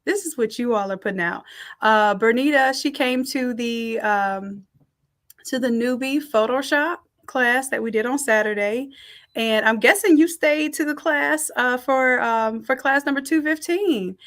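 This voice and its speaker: A middle-aged woman teaching a design class on a live stream, reading out the chat and warmly thanking people by name. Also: a little high, a little slow. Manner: warm, effusive thanks and shout-outs.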